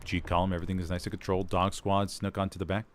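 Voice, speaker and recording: A man casts a competitive war game live, his low voice barely moving in pitch as he races along, chatty and self-deprecating with his stream chat. Gunfire, artillery and other game sounds fill the noisy background behind this esports caster.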